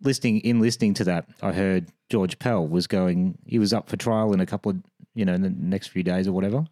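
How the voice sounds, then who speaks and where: A man co-hosting a podcast, telling things in a halting, hesitant casual way. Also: sits low, steady tone, mellow, no room sound, clean studio sound. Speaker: podcast co-host. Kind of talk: casual conversation.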